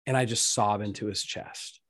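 A man in his thirties, a podcast guest, telling a candid, emotional personal story in an earnest way and growing soft when he speaks of faith. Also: fairly low pitch, steady tone, normal speed, dry recording, studio quality.

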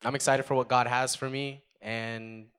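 A young man from the United States sharing a personal faith testimony, earnest and halting with many fillers. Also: mid-range voice, flat delivery, a bit bright, a little hiss or hum. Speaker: testimony speaker.

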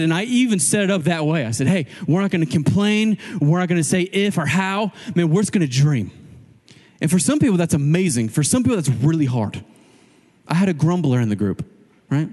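A male pastor preaching a sermon in a casual, animated way, acting out quoted voices as he goes. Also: on the high side, brisk, long reverb tail.

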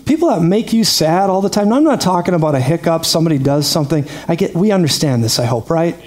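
A male preacher delivering a sermon like a friendly chat. His voice sits a touch high, and he keeps breaking into laughing asides as he tells the story. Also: animated, fast, a little mellow.

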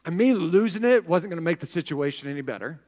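High-voiced animated male pastor. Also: quick pace, big-room sound. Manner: animated, chatty, keeps checking in with "right?". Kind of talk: storytelling sermon.

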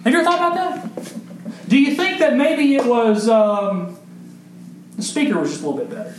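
Male pastor, high voice, emphatic sermon delivery, echoey sanctuary with faint hiss. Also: normal speed. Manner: preaching with emphatic rises and questions to the congregation. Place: church sanctuary. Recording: echoey church room with faint background noise.

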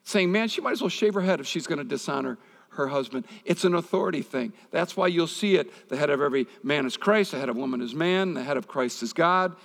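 A man's voice: on the high side, expressive, fairly quick, a bit bright. Man preaching a conversational sermon in a hall. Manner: conversational preaching with personal stories. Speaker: pastor.

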